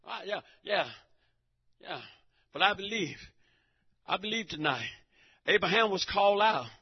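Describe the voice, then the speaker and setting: A man preaching a fiery sermon who swings from shouting to a low mutter and laughs between lines. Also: expressive, measured pace, breathy edge, highs cut off.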